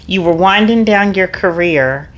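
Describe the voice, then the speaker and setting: A woman's voice: on the low side, a little slow, poor audio. A woman hosting a podcast, asking questions and adding short encouraging remarks. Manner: brief encouraging interjections. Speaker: podcast host. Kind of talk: interviewing, casual chat.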